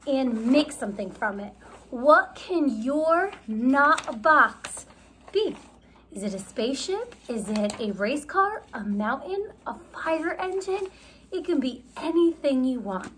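Slow-talking storytime woman, lively. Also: high voice, a little hiss or hum. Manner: cheerful, speaks slowly to kids. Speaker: children's story time reader. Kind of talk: reading aloud to children.

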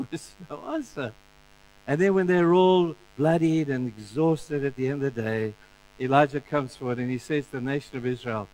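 A male pastor preaching a sermon in an animated way, acting out the stories in different voices. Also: fairly high pitch, brisk, slight background noise, low-quality recording.

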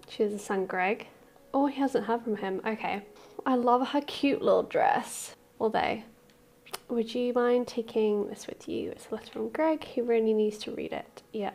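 Woman doing let's-play commentary, higher voice, gets super excited and squeaky then goes all quiet and murmury. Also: creaky. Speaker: gaming channel host.

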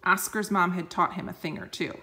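A woman reading a picture book aloud slowly and gently, explaining words for children. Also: lowish voice. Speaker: storyteller.

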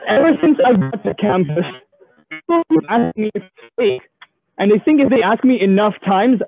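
A young man from the Gulf region performs a stand-up comedy set. His voice sits high and moves around a lot as he tells stories with playful asides. It comes through a tinny, phone-like video call connection. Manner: animated storyteller, playful asides. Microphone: video call audio.

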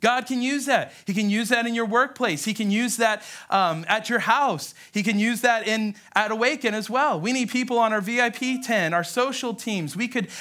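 A man pastor preaching a lively sermon, telling stories and acting out the voices in them. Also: extremely high pitch, normal speed, hardly any pauses.

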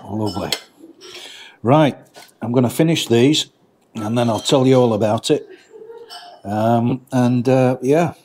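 A friendly middle-aged man talks easily to the camera, calling the viewers his mates. His voice sits at an ordinary middle pitch. Faint background noise runs under his voice. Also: unhurried, long pauses, dark tone. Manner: chatty, addresses viewers as mates. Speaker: vlogger reviewing a pub. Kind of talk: casual food review vlog. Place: pub dining area.

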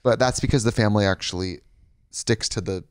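A man's voice: fairly low pitch, fairly quick, clean tone, dry recording, studio quality. A man co-hosting a podcast in casual chat, rambling and slipping into mimicking voices. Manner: rambling, puts on mimicking voices in quoted bits. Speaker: podcast co-host.

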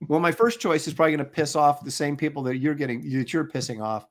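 A man's voice: a little high, quick pace. A middle-aged man co-hosting a casual chat, enthusiastic and rambling, often restarting his sentences. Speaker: co-host.

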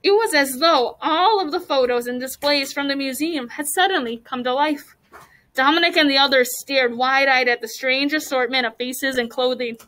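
A woman teacher reading a chapter book aloud to her class, animated and stopping to ask the children questions. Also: high voice, moderate pace, low-quality recording.

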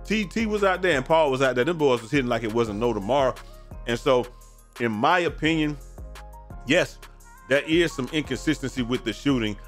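A man rambling through casual gaming commentary in loose slang, often tacking on "man" and "bro". He sounds tired and keeps yawning, with his voice at an everyday middle pitch. Faint music plays under his talk. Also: animated, fairly quick. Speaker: gaming streamer. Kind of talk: casual commentary on viewer messages.

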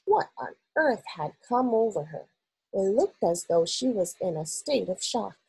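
A woman reading a children's novel aloud for school children in an expressive, unhurried storytelling manner. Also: medium pitch, creaky, husky, no room sound, low-quality recording.

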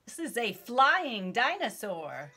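Slow, lively, bright-voiced young woman teacher. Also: on the high side, very noisy. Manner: slow, bright and encouraging, lots of praise. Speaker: online English teacher. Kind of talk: online lesson with a child.

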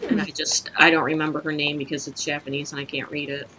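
A young woman hosting casual gaming commentary, crude, giggly and excitable, talking over her play. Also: deep voice, fast, slight background noise, rough recording. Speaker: host.

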